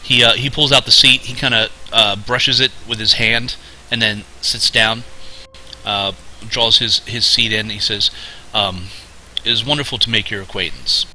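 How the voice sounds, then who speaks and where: A man narrating a tabletop game as game master, halting with fillers and restarts. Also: lowish voice, steady tone, pushed and bright, slight background noise, low-quality recording.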